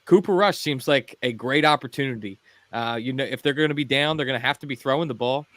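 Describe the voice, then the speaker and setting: A man from Philadelphia talks on a casual sports podcast, halting with "um" and "uh" before he drives his point home. His voice sits at a middle pitch, and the recording is dry and close. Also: a bit bright, no echo. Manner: hesitant, many fillers, then emphatic. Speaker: podcast co-host.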